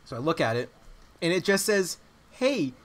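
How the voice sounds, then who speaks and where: A man's voice: a little high, animated, a little fast. A young man hosting a casual podcast chat, telling a rambling story full of fillers. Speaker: podcast host.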